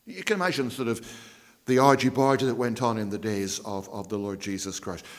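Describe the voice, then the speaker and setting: A man preaches in a lowish voice, stretching key phrases for emphasis and sinking to near-whispers. His words ring out with a long reverb, as in a church hall. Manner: emphatic, drawn-out phrasing with dramatic drops to a hush. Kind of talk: sermon.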